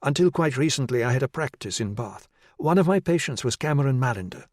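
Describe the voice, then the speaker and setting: A male audiobook narrator voicing a nervous woman psychiatrist in her late forties, speaking in a hesitant, measured way. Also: mid-range voice, expressive, darkish tone, no echo, clean studio sound, pitched above the performer's own voice, natural voice. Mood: guarded.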